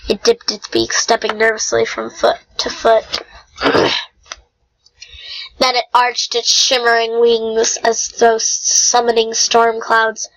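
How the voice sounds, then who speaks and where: Slow, higher-pitched woman reading aloud. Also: monotone, a bit bright, poor audio. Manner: unhurried reading with slips and throat-clearing. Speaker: reader. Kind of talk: amateur audiobook reading.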